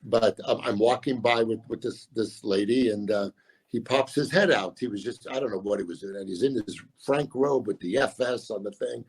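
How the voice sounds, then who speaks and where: A man in his sixties, a comedian guest, telling stories in casual chat with a gravelly, husky voice and a deadpan delivery. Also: lowish voice. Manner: deadpan storyteller doing quick voices of others.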